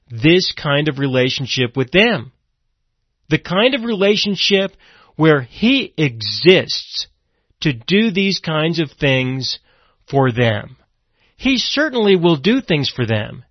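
A man's voice: sits high, no echo. A man preaching an expository sermon, reading scripture aloud and explaining it, sometimes voicing the people in the story with dramatic emphasis. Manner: dramatic, voices the grieving sisters' accusations. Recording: dull lo-fi, dry.

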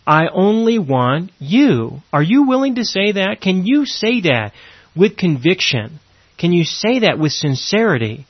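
A man's voice: sits high, sing-song, normal speed, slightly rough, no echo. A man preaching a sermon in an earnest way, full of repeated rhetorical questions and emphatic lines. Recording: dry, dull lo-fi recording.

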